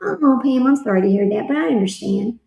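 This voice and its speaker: A woman's voice: fairly high pitch, expressive, fairly quick, gravelly, dark tone, echoey room, rough recording. A woman hosting a casual livestream, rambling and talking straight to her viewers. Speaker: livestream host.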